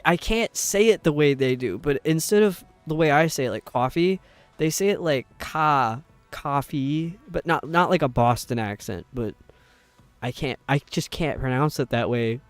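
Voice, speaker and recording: A young man with a New York accent and a fairly high voice rambles casually on a live stream, using lots of filler words. There's no room sound, and he's simply chatting while gaming.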